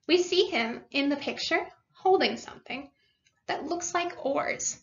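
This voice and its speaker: High-voiced woman teacher reading aloud. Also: lo-fi sound. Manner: reads a story aloud and stops to explain words. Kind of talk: read-aloud lesson.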